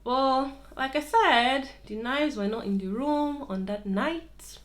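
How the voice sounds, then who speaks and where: A woman's voice: sits high, slow. Young woman, chatty storyteller, repeats words for emphasis, laughs easily. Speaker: vlogger telling a story. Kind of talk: casual storytime while styling hair.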